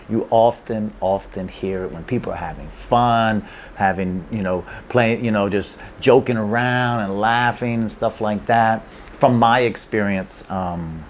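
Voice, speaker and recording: A man's voice: lowish voice, slight background noise. A man giving a casual, playful language lesson, checking in with his listeners with frequent "okay?" and "right?". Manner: checks in with frequent 'okay?' and 'right?'; laid-back, playful. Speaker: language teacher.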